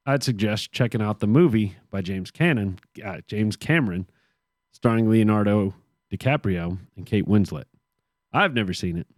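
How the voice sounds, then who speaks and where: With a lowish voice in a dry, studio-quality recording, this podcast co-host casually reads history off his notes and cracks sarcastic jokes along the way.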